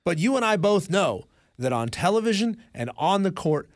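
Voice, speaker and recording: Radio co-host dude, bit high pitched, dry studio sound, teasing his partner. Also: sing-song, moderate pace, no echo. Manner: opinionated, teasing. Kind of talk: sports talk radio. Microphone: studio microphone.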